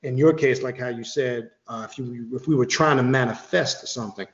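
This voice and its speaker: A man's voice: medium pitch, a little fast, roomy sound, muffled recording. A man explaining occult ideas in casual talk, rambling with restarts and the odd curse word. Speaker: occult author guest.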